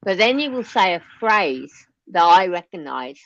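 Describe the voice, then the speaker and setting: A woman's voice: lowish voice, very animated, moderate pace, a bit bright, no echo, muffled recording. A woman in her sixties from Lancashire with a Lancashire accent, chatting casually on a live stream and laughing often. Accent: Lancashire English. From Lancashire, England. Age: 60s. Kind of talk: casual chat.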